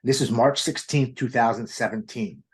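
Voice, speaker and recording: A man's voice: medium pitch, moderate pace, slightly rough. A man in his forties from Maryland, telling an emotional personal testimony as an interview guest and quoting his own past thoughts aloud. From Maryland, United States.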